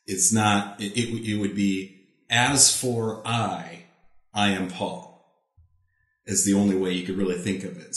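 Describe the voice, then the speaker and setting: A man's voice: low voice, echoey room. A man hosting a casual language lesson, explaining patiently with frequent restarts. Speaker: podcast host.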